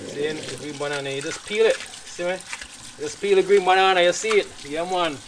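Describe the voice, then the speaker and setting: A man's voice: sits high, a little fast, very noisy. Chatty Jamaican man cooking. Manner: relaxed, chatty, patois phrases. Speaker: cook. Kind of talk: casual cooking demonstration.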